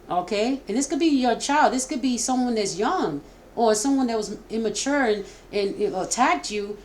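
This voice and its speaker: A woman's voice: fairly high pitch, expressive, moderate pace. Middle-aged woman as tarot reader, casual and stumbling, a little noise behind her. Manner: warm, repetitive, stumbling, emotional. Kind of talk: casual spoken tarot reading.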